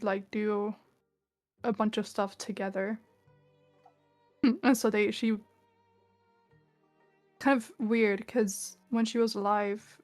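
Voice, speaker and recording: A woman's voice: medium pitch, creaky. A young woman player explaining her character in a hesitant way, full of fillers.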